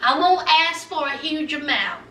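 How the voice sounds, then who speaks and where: A woman putting on the voice of a gentle middle-aged mother quietly comforting her son. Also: expressive, unhurried, echoey room, distant mic, a little hiss or hum, exaggerated voice. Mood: soothing. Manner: soft, low, coaxing.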